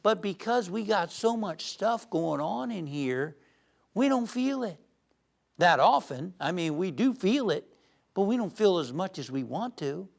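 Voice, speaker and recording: A man giving an uplifting sermon as a spiritual teacher, animated and shifting between loud emphasis and soft calm, who tells jokes. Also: sits high, unhurried, creaky. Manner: tells jokes with acted voices.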